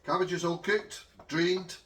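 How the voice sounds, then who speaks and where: A man's voice: sits high, fairly even intonation, a little slow, a bit bright. Scottish man, casual cooking vlog, roomy kitchen, mic a bit far off, pots clattering faintly. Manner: chatty, homely, talks to viewers as he cooks. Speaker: home cook vlogger. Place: home kitchen.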